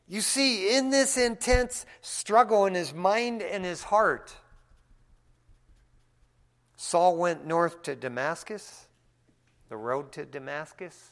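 A pastor preaching a sermon in a church, a man who swings from hushed asides to loud, excited preaching and speaks in a folksy way, often calling people "man". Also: high-pitched, slow, pauses often.

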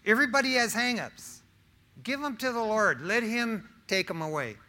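A man's voice: sits high, normal speed, pushed and bright. A middle-aged man preaching an informal sermon, talking straight to the congregation with questions and slang. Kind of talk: conversational sermon with personal testimony.

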